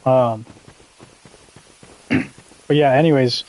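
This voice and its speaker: A man's voice: medium pitch, fairly even intonation, very slow, darkish tone, low-quality recording. A young man streaming a game live, chatting in a rambling, laid-back way with casual swearing. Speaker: gaming streamer. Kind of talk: casual live gameplay commentary.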